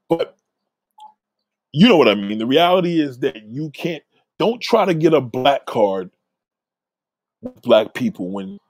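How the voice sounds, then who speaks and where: Husky-voiced man, blunt and profane. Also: mid-range voice, darkish tone, no echo. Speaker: vlogger giving advice. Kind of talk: casual monologue.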